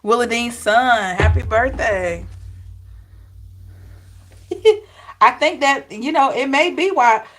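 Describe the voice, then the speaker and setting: A woman's voice: fairly high pitch, slow pace, pauses often, fairly bright tone, slight background noise. Chatty Southern woman reading tarot. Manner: chatty, laughing, talking to live chat. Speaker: tarot reader. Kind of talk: live-stream tarot reading.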